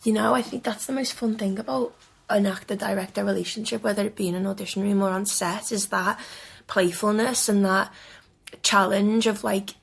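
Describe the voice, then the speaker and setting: A husky young woman talks in a loose, chatty way as a podcast guest. She restarts her sentences often and laughs easily, her voice slightly breathy. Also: medium pitch, fairly even intonation, normal speed. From Liverpool area, England. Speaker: guest actress. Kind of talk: casual interview chat.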